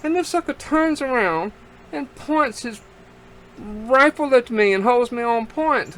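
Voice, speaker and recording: A middle-aged man, telling a long, rambling story to the camera in a folksy, animated drawl while grilling outdoors. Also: very high-pitched, unhurried. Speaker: vlogger.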